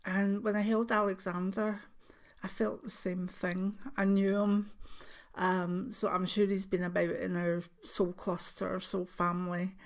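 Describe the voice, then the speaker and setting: Older Scottish woman, a vlogging gran, gravelly voice, rambling and emotional chat. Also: mid-range voice, little pitch movement, a little slow. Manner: warm, rambling, emotional, with soft laughs. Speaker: spiritual channel host. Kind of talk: casual chat to camera.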